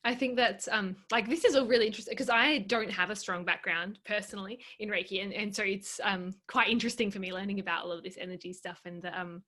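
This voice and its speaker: A woman's voice: mid-range voice, steady tone, fast, hardly any pauses, pushed and bright. A woman hosting an interview, speaking hesitantly with many fillers and agreeing with her guest. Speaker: interview host. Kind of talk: casual interview chat.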